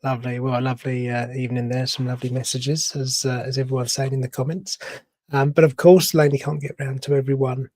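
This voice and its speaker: A man hosting an online church service, introducing the next part with gentle, even-toned presenting. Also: medium pitch, fast, dry recording.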